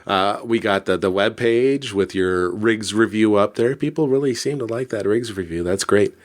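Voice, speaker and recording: A man's voice: on the low side, normal speed. A man co-hosting a podcast, talking casually in a rambling way with lots of fillers and restarts. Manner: rambling, filler-heavy, easygoing. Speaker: podcast co-host. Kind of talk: casual chat.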